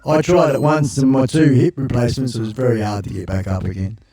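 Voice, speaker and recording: A man's voice: mid-range voice, steady tone, fast talker, mellow, reverberant. An older Australian man hosting a casual live stream from his home studio, joking and calling guests mate. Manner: jovial, matey banter with frequent laughs. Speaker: livestream host.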